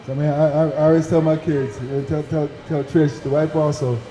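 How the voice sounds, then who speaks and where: A man who played college football, a guest on a talk show, speaking in a relaxed, slangy way with stammering restarts. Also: a little high, fairly quick, noisy background. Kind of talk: casual talk-show conversation. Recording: echoey room.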